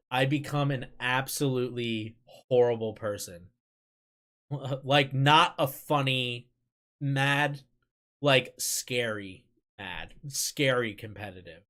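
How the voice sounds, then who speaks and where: A man's voice: mid-range voice, slow pace, sharp tone. A young man chatting loosely with his stream viewers from his computer at home. He rambles, laughs often and answers chat messages as they come in. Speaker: livestream host.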